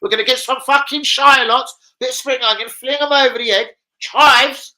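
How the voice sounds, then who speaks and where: A man doing an impression of a cheery male TV chef with a put-on London accent, rattling off cooking steps in fast, swaggering patter. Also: very high-pitched, fairly even intonation, bright, forceful tone, voice pushed up, full character voice, poor audio. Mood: chirpy.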